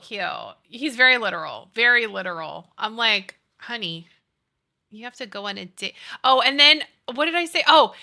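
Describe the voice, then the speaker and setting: A woman in her thirties with a fairly high, sharp-toned voice streams as she builds in a game. She chats casually and upbeat with viewers, reading and responding to their messages.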